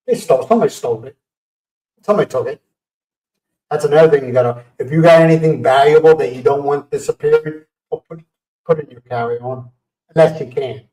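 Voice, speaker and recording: A man hosting a casual livestream who tells stories in a lively way and acts out what people said. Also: fairly high pitch, fast talker. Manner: animated storyteller acting out quotes. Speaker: livestream host. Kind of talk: casual storytelling chat. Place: home livestream setup. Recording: roomy sound from a distant mic.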